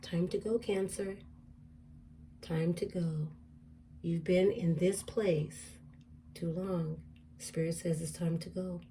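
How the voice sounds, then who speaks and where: Woman, tarot reader, mellow low voice, distant mic, faint ambience. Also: fairly even intonation, slow, pauses often, slight background noise. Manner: musing, repeats card affirmations aloud. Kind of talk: casual tarot reading to camera.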